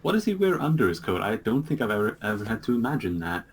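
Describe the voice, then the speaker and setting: A man narrating a tabletop game as game master over an online call, halting with many fillers. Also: fairly low pitch, very animated, slightly rough.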